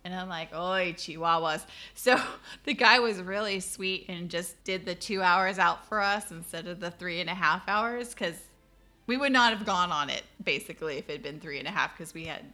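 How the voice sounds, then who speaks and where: A woman's voice: fairly low pitch, moderate pace, bright, forceful tone. A woman chatting casually as a host, telling stories with frequent laughter. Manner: chatty storyteller, laughs often. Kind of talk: casual chat.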